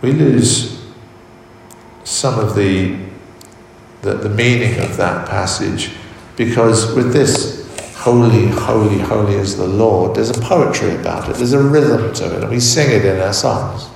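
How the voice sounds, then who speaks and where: A man preaching a sermon in a measured way, often repeating words as he searches for the next phrase. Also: lowish voice, creaky, slight background noise. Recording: echoey hall, voice from far off.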